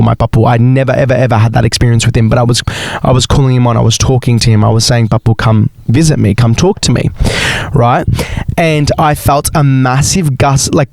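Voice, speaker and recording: A young man hosting a casual solo podcast, telling stories in an animated, excitable way with plenty of swearing. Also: medium pitch, creaky, no echo. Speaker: podcast host.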